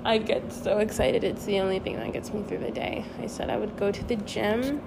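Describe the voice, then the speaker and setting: Young woman, gravelly low edges, candid chatty vlog rambling, noisy backdrop. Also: fairly quick. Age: young adult. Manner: candid, swearing, laughs at herself. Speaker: vlogger. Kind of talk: casual rambling monologue.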